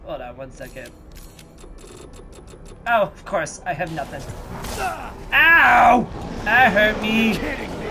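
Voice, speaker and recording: A let's play host giving casual gameplay commentary, reacting loudly, swearing and talking back to enemies. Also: mid-range voice.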